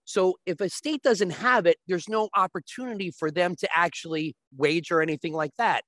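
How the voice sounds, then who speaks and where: A man as a guest on a talk show, explaining sports betting step by step and often checking with a quick "right?". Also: high voice, fairly bright tone, no room sound.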